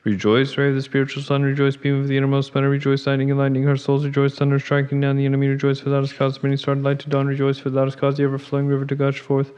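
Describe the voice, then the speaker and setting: Male monastic reader; quick, level, clear monotone chant in a church. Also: medium pitch. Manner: rapid even recitation on one tone. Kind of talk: chanted liturgical reading.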